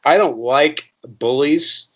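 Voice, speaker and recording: His voice is slightly high and unhurried: a fifty-something interview guest spinning loose, meandering anecdotes, often starting over, and performing the voices of those he quotes with lively energy. The recording is dull and lo-fi.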